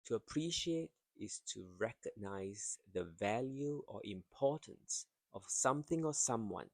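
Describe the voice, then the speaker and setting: A man teaching English vocabulary, drawing out each word slowly and carefully to show its rhythm and stress. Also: on the low side, lively intonation, creaky, dry recording. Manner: slow, careful, drawn-out pronunciation drills. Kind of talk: vocabulary lesson.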